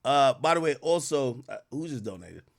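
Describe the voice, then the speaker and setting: A man doing casual live-stream commentary, reacting to clips and reading out donations, with loud animated outbursts. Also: mid-range voice, normal speed, creaky. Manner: animated, loud bursts of laughter and shouting, reads donations.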